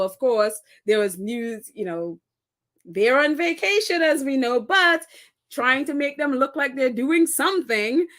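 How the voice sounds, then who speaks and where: A woman's voice: on the high side, a bit bright. A woman hosting a casual live-stream podcast, chatting and reading viewer comments, laughing often. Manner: giggly, laughs often, chatty with many fillers.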